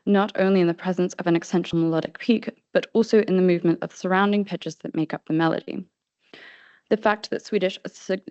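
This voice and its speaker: A woman presenting a prepared academic paper in a steady, formal reading voice. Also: on the low side, no echo. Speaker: conference speaker. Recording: dull dry lo-fi audio.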